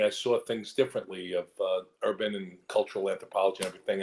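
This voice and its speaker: A man's voice: lowish voice, rough recording. An older man with a New York accent, a guest actor telling rambling stories in a casual interview and acting out the voices he quotes.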